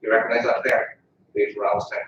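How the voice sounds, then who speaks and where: This officiant speaks fast in a lowish voice with little pitch movement, giving a chatty, humorous eulogy in his Northern Irish accent and frequently quizzing the mourners. The funeral parlour chapel recording is distant, echoey, dull and noisy.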